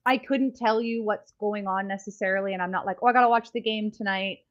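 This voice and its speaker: A woman's voice: medium pitch, steady tone, fast, a bit bright, muffled recording. A Canadian woman co-hosting a podcast, chatting casually in a rambling, self-deprecating way. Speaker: podcast co-host. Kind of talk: casual chat.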